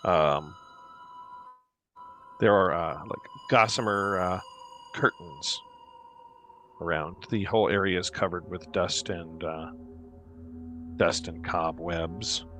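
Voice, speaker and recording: A man running a tabletop game as dungeon master, describing scenes slowly with many pauses. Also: low voice, pushed and bright, soft background music.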